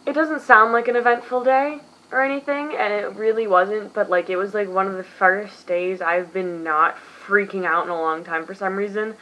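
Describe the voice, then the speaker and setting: A woman's voice: mid-range voice, muffled recording. A tired young woman in her late teens from the US, rambling self-deprecatingly through a casual vlog as its host. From United States.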